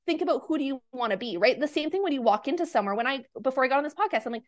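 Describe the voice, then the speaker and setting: Speaking very quickly and animatedly in a high register, a young mindset coach chats casually as a guest on a podcast interview. Her tone is earnest and upbeat, "like" fills her sentences, and she comes across as tired and slightly queasy.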